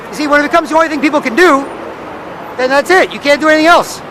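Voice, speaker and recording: High, bright-voiced man ranting on a street. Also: rapid-fire, rough recording. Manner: repetitive, ranting, acts out other people's voices. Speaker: street vlogger. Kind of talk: rambling street monologue. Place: busy downtown street corner outdoors. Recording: faint traffic noise outdoors.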